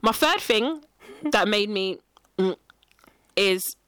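A woman co-hosting a casual chat podcast, telling a story with animated emphasis, swearing and repeating herself. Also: mid-range voice, slow, smooth, dry recording. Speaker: podcast co-host.

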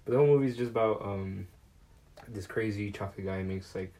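Casual male host, low voice, rambling and profane. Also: a little fast, mellow, poor audio. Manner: rambling, swears often, lots of fillers and laughs. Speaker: podcast host. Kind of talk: casual movie recap.

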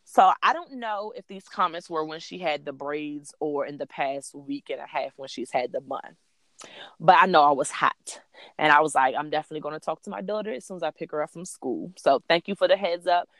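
A woman in her thirties with a fairly low voice tells a story from her own life, casual and blunt, cursing freely and getting animated as she goes. The recording is dry and close. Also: fairly quick, no echo. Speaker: podcast host.

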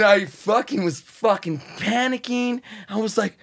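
A man's voice: high voice, measured pace, vocal fry, few pauses. A man who hosts satellite radio, a guest on a podcast, telling stories in a casual, profane way and acting out the voices of crowds and crews. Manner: animated, profane, acts out crowd and crew voices. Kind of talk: casual storytelling interview.

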